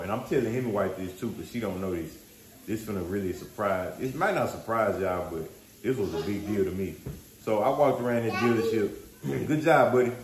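A man's voice: fairly low pitch, echoey room, a little hiss or hum. A man hosting a vlog, telling a story casually and animatedly in slangy speech. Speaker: vlog host.

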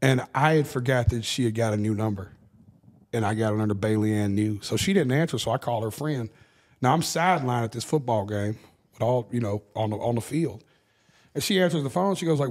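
A man's voice: mid-range voice, a little fast, a little mellow. Candid man telling stories. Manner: candid storytelling, swears freely. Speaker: guest musician. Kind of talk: casual podcast chat.

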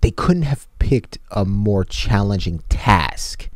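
A man's voice: lowish voice, animated, slow, no echo, studio quality. A young man co-hosting a reaction video, explaining what he hears with enthusiasm. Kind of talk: casual reaction chat.

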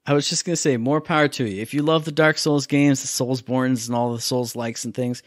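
A man co-hosting a gaming podcast, telling animated stories in casual chat and laughing along. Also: mid-range voice, fairly quick, dry recording, studio quality. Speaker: podcast co-host.

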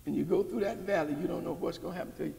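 A man preaching a sermon as pastor, calling out questions to the congregation and building to shouts. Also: fairly high pitch, racing, gravelly, a little hiss or hum. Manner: call-and-response preaching, rising to shouts. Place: church sanctuary. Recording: long hall reverb.

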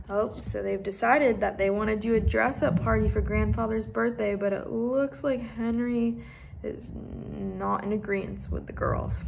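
A woman's voice: on the high side, vocal fry, slight background noise. A woman reading a children's book aloud and asking her young listeners questions.

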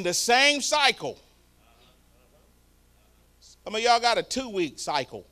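A male pastor, preaching a sermon through animated storytelling. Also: extremely high pitch, takes it slowly, pauses often.

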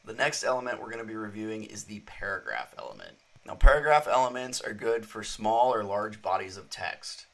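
Casual tutorial host, young adult male, lower register, steady step-by-step explainer. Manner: steady, explanatory, walks through code step by step. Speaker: coding tutorial instructor. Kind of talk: screen-recorded tutorial narration.

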